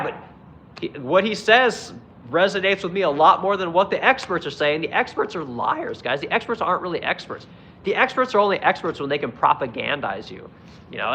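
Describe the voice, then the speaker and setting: A man's voice: sits high, sharp tone, slight background noise, poor audio. A man talking into his phone on a live stream, swearing constantly in a blunt, heated political rant while answering chat. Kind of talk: angry profane political rant.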